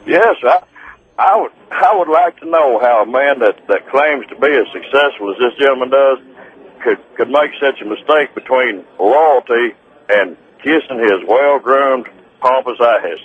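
A man's voice: medium pitch, a little slow. A man calling in to a radio show, talking earnestly and stumbling over his words. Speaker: caller. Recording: tinny phone line.

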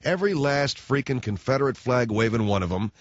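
A man's voice: mid-range voice, expressive, brisk, dry recording. Brief: blunt, sarcastic male radio host ranting into a studio mic, dull dry sound. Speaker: radio talk show host. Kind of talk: talk radio monologue.

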